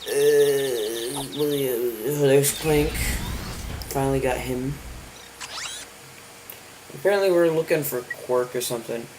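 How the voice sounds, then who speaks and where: A gaming channel host, just woken up and yawning, casually comments on his gameplay, rambling and joking to himself. He speaks slowly in a medium-pitched voice with frequent pauses, over a noisy background of loud game music.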